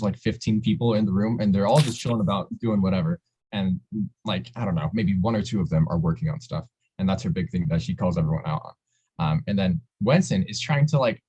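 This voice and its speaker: A man's voice: fairly low pitch, a little mellow, husky. A young man in his twenties chatting casually on a podcast, rambling and hesitant, with many fillers. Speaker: podcast co-host. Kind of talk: casual chat. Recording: dull lo-fi mic.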